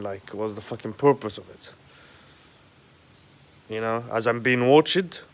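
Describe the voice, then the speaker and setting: A man in a rambling monologue at home, agitated and profane, halting often with fillers. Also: fairly low pitch, clean tone. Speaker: vlogger. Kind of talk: rambling direct-to-camera monologue. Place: at home, indoors.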